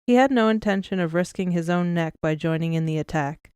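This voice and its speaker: Smooth-voiced woman narrating an audiobook. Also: lowish voice, no echo, studio quality. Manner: even, measured storytelling. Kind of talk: scripted narration.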